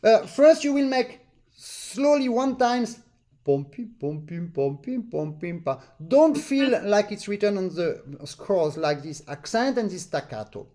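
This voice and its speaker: A man's voice: sits high, warm tone. A man teaches an accordion master class over a video call, explaining patiently and singing rhythms in syllables. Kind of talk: online master class instruction.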